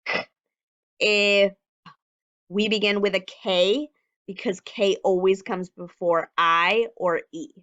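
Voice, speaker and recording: A woman leads a recorded phonics lesson for young children. She talks slowly and clearly, stretching each letter sound so it can be repeated. Her pitch sits in the middle range. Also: fairly even intonation, a bit bright, dull audio. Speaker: teacher.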